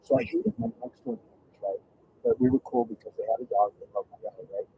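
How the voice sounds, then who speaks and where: A man's voice: mid-range voice, wildly swooping pitch, fast talker, gravelly, husky, no room sound, phone-quality sound. A man telling a rambling personal story in casual talk, profane and full of restarts.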